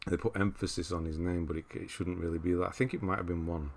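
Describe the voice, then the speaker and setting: Low-voiced man chatting on a livestream. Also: fairly even intonation, fast talker, creaky. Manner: rambling, reads viewer comments aloud and answers them. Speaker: livestream host. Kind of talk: casual livestream chat.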